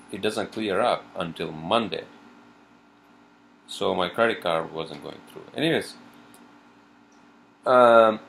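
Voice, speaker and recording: Gravelly low-voiced man venting. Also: fairly bright tone, a little hiss or hum. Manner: rambling, swearing, venting in frustration. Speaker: podcast host. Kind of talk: informal video podcast chat.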